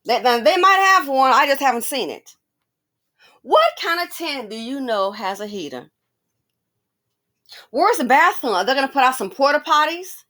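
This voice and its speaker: Animated woman talking straight to viewers. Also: sits high, normal speed, long pauses. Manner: exclamatory, rambling asides. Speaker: commentary channel host. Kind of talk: casual commentary monologue.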